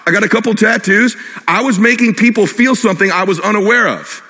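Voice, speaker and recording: Energetic man speaking in a big hall. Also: sits high. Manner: fast, punchy, jokes with the crowd. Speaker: keynote speaker. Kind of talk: energetic motivational speech. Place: large hall with live audience. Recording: long reverb of a big hall.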